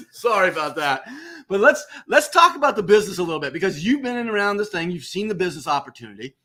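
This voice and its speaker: A man hosting a business webcast, talking emphatically and repeating words for stress. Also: fast talker. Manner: emphatic, repeats phrases, lively swings in pitch. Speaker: host. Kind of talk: enthusiastic business webcast talk.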